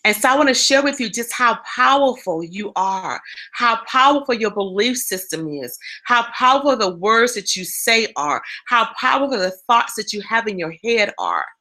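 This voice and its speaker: A woman gives a motivational talk in a bright, forward voice that sits a little high. She tells everyday stories with animated energy and speaks straight to her listeners. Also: moderate pace, low-quality recording. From East Coast of the United States. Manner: animated storytelling, addresses listeners directly.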